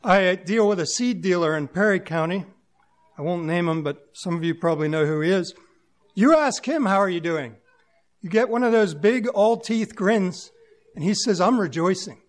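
A man with a high voice preaches a sermon to a congregation. He talks in a plain-spoken, musing way and leans on homely everyday examples. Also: expressive, normal speed.

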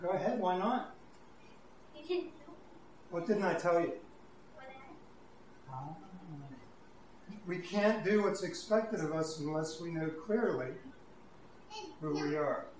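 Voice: mid-range voice, takes it slowly, long pauses, darkish tone, far from the mic. A preacher giving a conversational, playful sermon with a children's demonstration in a church hall. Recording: echoey hall with faint room noise.

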